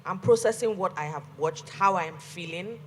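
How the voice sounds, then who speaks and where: A woman's voice: fairly low pitch, moderate pace, a little hiss or hum. A woman speaking earnestly about supporting her partner on a panel. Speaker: guest. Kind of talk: casual panel talk.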